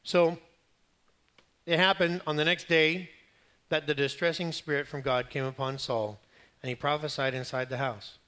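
This man's sermon brings a Bible story to life in a conversational, humorous style, with quoted lines acted out and loud rises at the climaxes. His voice is fairly high, at a normal speed with long pauses.

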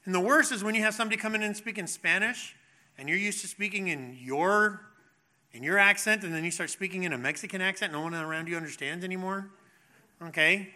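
A male pastor delivers a sermon in a bright, piercing voice that sits a bit above the usual male range. He swings between low, intense warnings and lively, playful storytelling. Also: fairly quick. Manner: emphatic preaching, drops to low intense tones, playful voices in anecdotes.

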